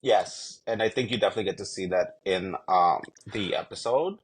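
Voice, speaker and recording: A man co-hosting a podcast, chatting in a lively way with quick asides. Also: sits low, breathy edge. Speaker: podcast co-host. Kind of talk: casual chat.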